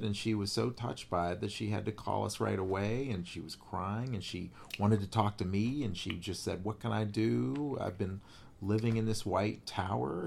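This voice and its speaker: Male podcast co-host, low and gravelly, earnest and emotional in casual talk. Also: slight background noise. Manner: emotional, earnest, voice rising when moved. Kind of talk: casual conversation.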